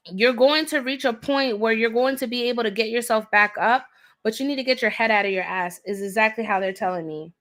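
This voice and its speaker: A woman's voice: on the high side, a bit bright. A woman giving a live tarot reading, blunt and direct, scolding her viewer in slangy talk and repeating herself for emphasis. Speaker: tarot reader.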